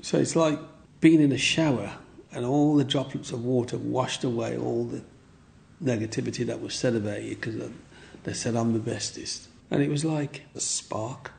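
Here the same kind of interviewee sounds creaky and a bit mellow, his mid-range voice moving at an ordinary pace. He wanders through childhood memories in lengthy tales, repeatedly checking "you know what I mean".

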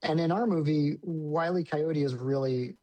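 Man, director interview, enthusiastic, filler words, slightly high voice, dry sound. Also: moderate pace, mellow, dry recording, low-quality recording. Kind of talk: casual interview answer.

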